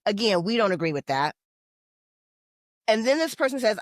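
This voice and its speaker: A woman co-hosting a fan podcast in casual, opinionated chat, her voice jumping up and getting louder when she gets excited. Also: medium pitch, moderate pace, pauses often, no echo. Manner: animated, opinionated, bursts of loudness. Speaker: podcast co-host.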